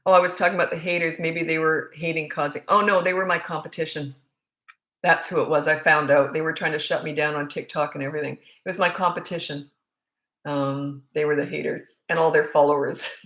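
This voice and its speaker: Woman, parenting coach, blunt casual Q&A, fairly low voice, roomy echo. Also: steady tone, fairly quick, fairly bright tone. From Australia. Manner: chatty, blunt, reads out comments and answers them directly. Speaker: parenting coach answering viewer questions. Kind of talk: casual live Q&A chat.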